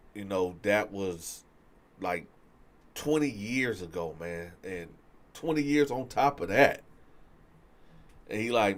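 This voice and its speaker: Animated man telling a street story. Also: medium pitch, unhurried, pauses often. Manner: animated, acts out other people's voices in quotes. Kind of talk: casual storytelling.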